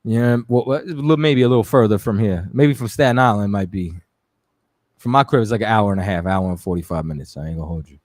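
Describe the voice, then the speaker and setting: A man hosting a radio stream, chatting loosely and giving shout-outs to viewers. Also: lowish voice, fast talker, no room sound. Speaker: radio show host. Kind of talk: casual live-stream talk.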